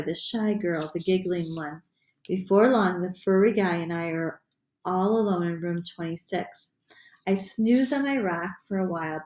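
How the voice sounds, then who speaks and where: A woman reading a children's chapter book aloud in an animated, playful storytelling voice. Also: on the low side. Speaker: audiobook reader. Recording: echoey room.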